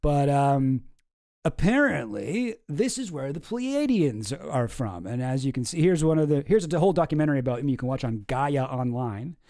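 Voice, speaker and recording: A man's voice: medium pitch, very animated, normal speed, mellow, dry recording, clean studio sound. A man hosting a casual comedic commentary video, talking in a rambling, wry way and often cutting himself off mid-sentence. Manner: rambling, self-interrupting, wry. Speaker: YouTube commentary host.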